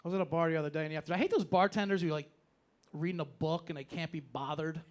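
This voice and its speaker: On a comedy club stage, a man with a slightly high, steady voice races through a stand-up set, a loose sarcastic rant full of swearing. Some background noise is faintly audible.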